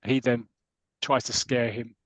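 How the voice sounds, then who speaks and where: A man's voice: mid-range voice, flat delivery, a little slow, fairly bright tone, dry recording, rough recording. A man co-hosting a podcast, casually retelling a comic story with rambling asides and quoted lines. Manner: rambling, retells plot with quoted voices and laughs. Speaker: podcast co-host.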